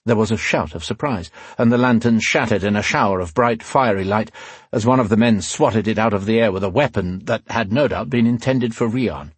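A man narrating a fantasy audiobook in a measured, dramatic storytelling manner. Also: lowish voice, breathy edge, no echo.

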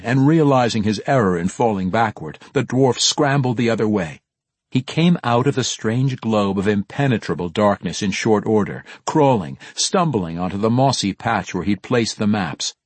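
A male audiobook narrator telling a fantasy story in a measured, expressive way. His low voice swings widely in pitch and carries a husky grain. The recording is dry and close. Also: no room sound.

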